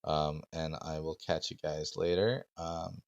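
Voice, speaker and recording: A man game master streaming a tabletop session, talking casually and haltingly with many ums and uhs. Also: very deep voice, flat delivery, creaky, dull audio, a little hiss or hum.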